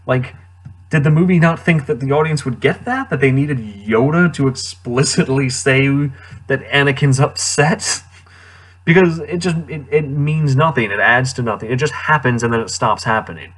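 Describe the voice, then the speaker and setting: Man, casual movie review vlog, sarcastic, incredulous, mid-pitched voice. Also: moderate pace, a bit bright. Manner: sarcastic, incredulous, laughs often.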